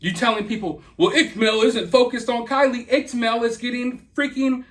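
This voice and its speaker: His voice is extremely high, steady and a bit bright, moving at a moderate pace. He's a Southern-accented YouTube commentator delivering a confrontational, heated rant to viewers.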